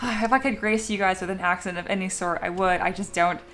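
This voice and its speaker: A woman's voice: medium pitch, fairly quick, a bit bright, a little hiss or hum. A young woman chatting casually on her sculpting livestream, reading viewer comments aloud and laughing often. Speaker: 3D sculpting streamer.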